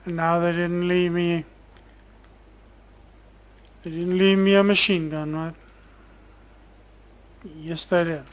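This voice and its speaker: A man commentating his own gameplay in a relaxed, casual way, bantering sarcastically with game characters and swearing when annoyed. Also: sits high, takes it slowly, long pauses, clean tone. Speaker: gamer streamer.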